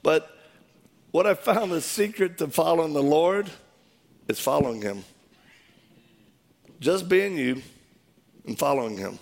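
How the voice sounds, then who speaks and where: A man with a slightly higher, gravelly voice spins a personal story with plenty of energy. He acts out each quoted voice as he tells it, and laughter keeps breaking through. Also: expressive, a little slow, pauses often. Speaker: speaker telling a personal story. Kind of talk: animated storytelling.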